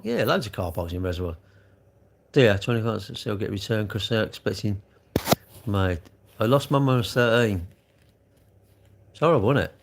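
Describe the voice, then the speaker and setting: A middle-aged man, chatting casually on a livestream and answering viewer comments in a rambling way, full of tag questions. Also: medium pitch.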